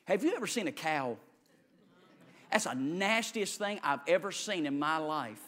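A male preacher giving a sermon, swinging between loud shouted lines and quiet low asides. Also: expressive, moderate pace. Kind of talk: energetic sermon.

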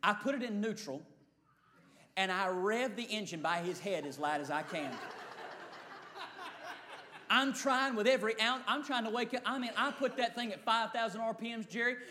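Animated preacher telling a story. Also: male voice, high-pitched, normal speed, pauses often, a little hiss or hum. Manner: animated Southern drawl, acting out quoted voices. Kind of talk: comic storytelling.

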